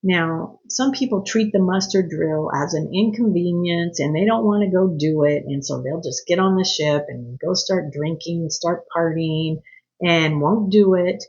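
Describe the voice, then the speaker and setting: A woman's voice: fairly low pitch, measured pace, a little mellow, lo-fi sound. Earnest woman giving cruise etiquette advice. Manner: chatty, earnest, scolding etiquette tips. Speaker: cruise vlogger. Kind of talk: casual advice talk to camera.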